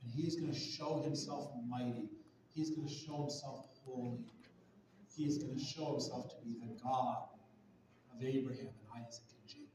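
A male pastor preaching a sermon with passion, swinging from near shouts to soft, hushed tones. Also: mid-range voice, normal speed, a little hiss or hum. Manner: impassioned, rising to near shouts, then dropping soft and hushed. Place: large church sanctuary. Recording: echoey room audio from a distant mic.

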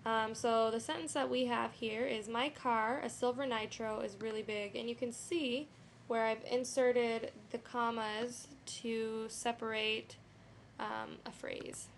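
A young woman walks through a lesson in a loose, conversational way, filling her pauses with "um" and "you know". Her voice sits a little high and has a gravelly edge. A faint hiss stays under the recording. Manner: relaxed, with frequent "um" and "you know". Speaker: teacher. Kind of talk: casual screen-recorded lesson.

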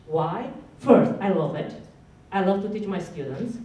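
At a college lunch event, a woman guest speaker gives a passionate, emphatic inspirational speech in a strong accent. Her medium-pitched voice is expressive and warm, at normal speed. The room is an echoey hall, and she's far from the mic.

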